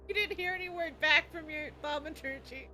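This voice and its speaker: A woman's voice: sits high, fairly quick, bright, forceful tone. A woman running a horror tabletop game as game master, narrating scenes with a playful, laughing manner. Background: background music.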